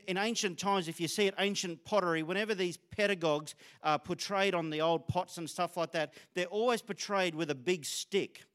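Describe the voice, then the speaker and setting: A man's voice: on the high side, fairly bright tone. A middle-aged Australian man preaching a sermon in a conversational, storytelling way, sharing stories about himself. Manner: conversational, storytelling, self-disclosing.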